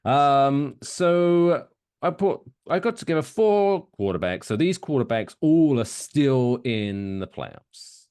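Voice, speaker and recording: A man's voice: mid-range voice, animated, slow pace, a little mellow, clear, resonant tone, no room sound, studio quality. A man co-hosting a casual comedy podcast, playful and prone to silly voices and announcer calls. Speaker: podcast co-host. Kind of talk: casual chat.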